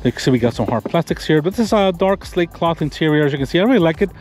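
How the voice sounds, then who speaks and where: His voice leans high with a darkish tone, and he talks very fast and animatedly. The man, from Florida, is doing a car review vlog of a pickup truck, walking around it and sitting inside, eagerly pointing things out while rambling and restarting his sentences.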